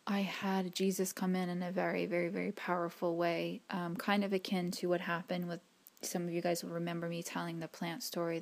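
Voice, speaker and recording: A spiritual reader and vlogger tells her viewers a personal spiritual story in a fairly low voice with heavy vocal fry. She rambles, loops back, restarts sentences, uses many fillers, and sometimes drops to a near whisper.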